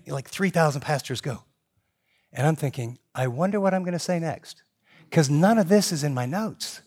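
Fast-talking, animated male preacher. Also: on the high side. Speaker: pastor. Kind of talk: sermon.

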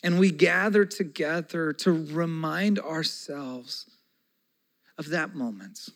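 Guy in his 40s preaching, chatty, goes quiet then gets loud and excited, kinda high voice. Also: rough recording. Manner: conversational, swinging from soft and slow to loud and excited. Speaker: pastor. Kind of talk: sermon.

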